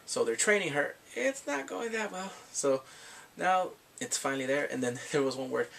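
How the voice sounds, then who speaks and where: A man giving a casual, animated recap of a drama, acting out the characters' lines in sudden squeals. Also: fairly high pitch, normal speed, vocal fry, slight background noise. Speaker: drama reviewer.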